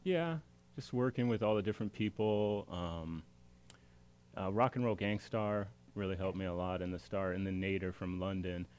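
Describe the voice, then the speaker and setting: A man's voice: sits low, normal speed, darkish tone, smooth. A man talking as a guest on a casual talk show, laid-back and giggly while remembering his work. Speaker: guest photographer. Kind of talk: casual interview chat.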